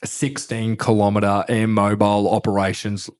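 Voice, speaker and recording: A man's voice: fairly low pitch, flat delivery, moderate pace, darkish tone. An Australian man, a podcast guest and former army officer, telling stories in casual chat, swearing freely and laughing as he goes.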